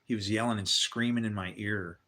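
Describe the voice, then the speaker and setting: A man's voice: on the low side, fairly even intonation, a little fast, sharp tone. An older man telling candid personal stories on a livestream, swearing and adding religious asides. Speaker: livestream host. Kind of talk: rambling personal storytelling.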